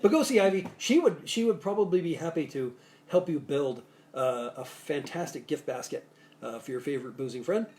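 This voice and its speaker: A man's voice: a little high, lively intonation, fairly quick, darkish tone. A man hosting a live cocktail show, chatting casually and jokily, rambling with restarts and asides as he gives bartending tips. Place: Salt Lake City area.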